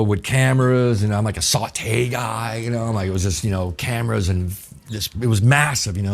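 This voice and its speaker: A middle-aged New Orleans chef, appearing as a guest, tells his story in a fairly low, slightly mellow voice with a local accent. His casual storytelling rambles, swears, and is packed with "you know."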